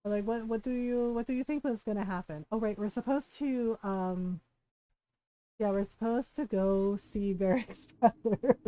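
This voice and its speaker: A woman's voice: mid-range voice, a little slow, dark tone, no room sound, poor audio. A woman game streamer chatting casually, animatedly telling a personal story, quoting people and laughing often. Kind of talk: casual storytelling chat while gaming.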